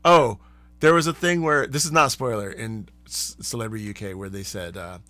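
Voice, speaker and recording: A man hosting a live stream, chatting casually in a rambling, animated way and laughing often. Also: lowish voice, a little fast, no echo, faint music behind. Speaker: streamer and host.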